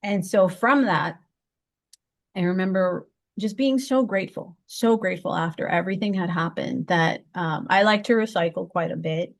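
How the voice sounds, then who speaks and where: A woman interview guest telling a personal story in conversation, heartfelt, often stopping to restart and repeat words. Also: normal speed. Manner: heartfelt, lively pitch swings.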